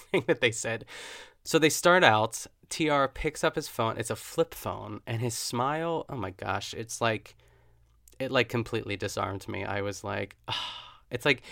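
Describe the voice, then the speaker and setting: A man's voice: medium pitch, creaky, a bit bright, no echo, studio quality. A man hosting his own podcast, chatting casually and gushing with self-deprecating asides. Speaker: podcast host. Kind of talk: casual solo podcast recap.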